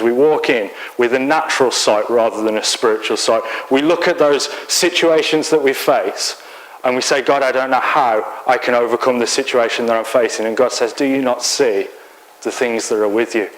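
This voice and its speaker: A man's voice: medium pitch, rough recording. A man with an English accent preaching a sermon in church, telling a Bible story conversationally with light humor.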